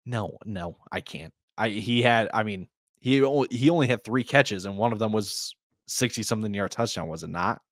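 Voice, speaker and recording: Man, podcast co-host, fairly low voice, laid-back, stat-heavy, dry recording. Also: moderate pace, dry recording. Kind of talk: casual fantasy football chat.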